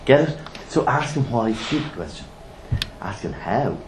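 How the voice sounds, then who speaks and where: A middle-aged man teaching a training course, blunt and lively, firing rhetorical questions at the room. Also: mid-range voice, unhurried. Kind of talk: classroom teaching. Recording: roomy echo, faint background noise.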